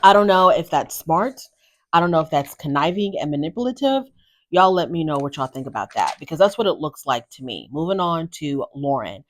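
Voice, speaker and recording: Woman host, lower register, for a blunt, opinionated reality-show recap. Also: expressive, a little fast. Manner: gossipy, blunt, chatty.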